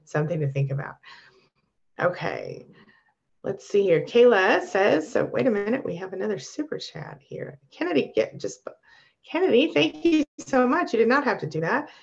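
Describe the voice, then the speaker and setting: A woman coaching abuse survivors on a live stream, reading viewer comments and answering them with warm encouragement. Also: mid-range voice, big pitch swings, moderate pace, vocal fry, lo-fi sound.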